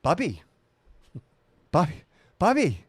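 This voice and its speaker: A woman's voice: wildly swooping pitch, slow pace, a little mellow, breathy edge, dry recording, full character voice. A man putting on the voice of his elderly mother, about eighty, who nags insistently about her trash not being picked up. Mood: scolding. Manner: shrill, scolding, repeats name insistently.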